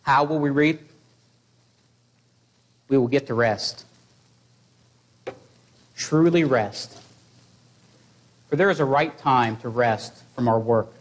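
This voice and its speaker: A man preaching a sermon to his congregation in an earnest, exhorting way, with measured pauses. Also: medium pitch.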